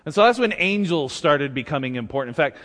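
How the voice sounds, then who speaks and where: Conversational preacher, ringing reverb. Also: male voice, fairly high pitch, expressive, fast, a bit bright. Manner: conversational and humorous, acting out scripture. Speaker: pastor. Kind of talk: sermon. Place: church sanctuary.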